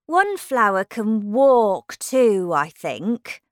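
A woman voicing a rude, snooty female rose in a storybook reading, with loud, drawn-out, sneering lines. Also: mid-range voice, very animated, no room sound, clean studio sound.

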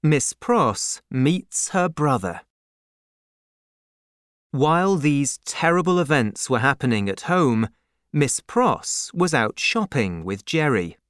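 A woman with a low voice reads an audiobook chapter in a measured way. Her pitch moves in a lively way while her pace stays slow. The sound is close and dry. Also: dry recording. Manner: measured, clear reading. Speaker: narrator. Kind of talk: audiobook narration.

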